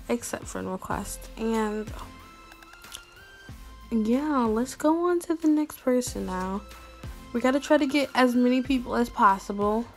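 A woman's voice: on the high side, animated, a little slow, faint music behind. A woman vlogging casually, replying to fan messages in a playful, slangy, upbeat way and talking straight to her viewers. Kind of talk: casual chatty vlog.

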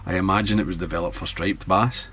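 A man's voice: deep voice, fairly even intonation, fast talker, fairly bright tone, slight background noise. A man with a Scottish accent narrating a fly-tying tutorial at his tying desk in an easygoing way, thinking aloud as he works. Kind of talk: tutorial narration while working.

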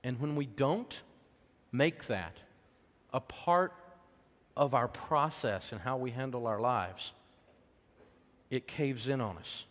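Speaking slowly with frequent pauses, this middle-aged American preacher has a mid-range voice and a folksy manner. In a hall, he delivers an emotional, story-driven sermon on faith and money, shifting from booming delivery to quiet hush.

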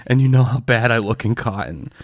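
A man voicing a clingy woman in her thirties, attempting a New Jersey accent with a breathy voice while his throat is bad. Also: medium pitch, lively intonation, a little fast, natural voice.

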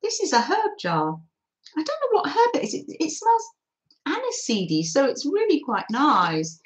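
A woman's voice: high voice, wildly swooping pitch, normal speed. A woman hosting a live mixed-media art demo, chatting and thinking aloud as she paints and reading out viewers' comments. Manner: reads out and thanks viewers' comments. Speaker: craft livestream host.

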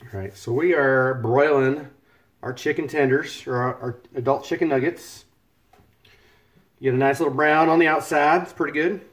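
A man's voice: medium pitch, steady tone, moderate pace. Chatty man livestreaming his cooking. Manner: chatty, joking, thanks viewers by name. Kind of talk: casual live-stream chat while cooking. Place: home kitchen.

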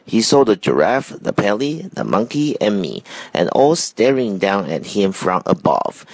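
A man reading a children's storybook aloud, slow and expressive. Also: low-pitched, creaky, husky, no echo. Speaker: reader.

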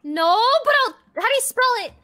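A woman's voice: very high voice, animated, a little fast, bright, forceful tone, no echo, clean studio sound. A woman chatting casually and eagerly during an online game. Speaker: streamer. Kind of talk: casual gaming chat. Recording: noisy stream audio.

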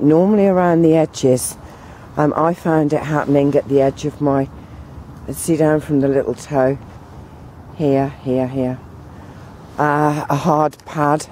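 Woman vlogging while out walking, slow and rambly, soft mellow voice, faint noise behind. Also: deep voice. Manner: meandering, full of pauses and fillers. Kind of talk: rambling walk-and-talk vlog. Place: outdoors on a walk.

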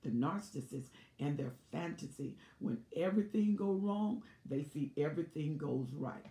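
A woman giving a teaching talk, slow and emphatic, acting out examples. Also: deep voice, expressive, mellow. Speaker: teacher on narcissism. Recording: echoey room.

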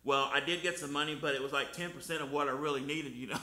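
In an echoey church sanctuary, a man preaches a sermon in a highish, steady voice that's fast and sharp. He tells folksy personal stories in plain, colloquial speech with casual grammar.

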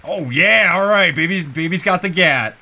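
A man gives goofy, sarcastic let's-play commentary, swearing and getting excited as he plays. His voice sits fairly high and sounds bright and forceful. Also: normal speed, a little hiss or hum. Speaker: gaming video host.

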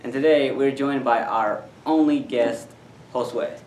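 A man's voice: medium pitch, a little slow, darkish tone, a little hiss or hum. A man hosting a casual challenge video, loose and upbeat. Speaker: host. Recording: roomy, camera far off.

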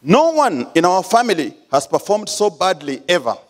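A man with a Kenyan accent acting out an angry father who shouts and scolds his son. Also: high voice, big pitch swings, moderate pace, pitched above the performer's own voice. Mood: furious. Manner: shouting, indignant.

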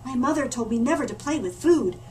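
Lady doing a squeaky eager panda cub, high and bouncy, storybook voice. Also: animated, brisk, distant mic, a little hiss or hum. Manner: bright, eager and warm-hearted. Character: friendly eager young male panda bear.

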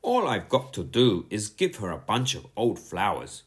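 A man's voice: lowish voice, huge pitch swings, normal speed. A man reading a children's audiobook, voicing a cheeky, defensive young schoolboy in a protesting, matter-of-fact way. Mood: chatty.

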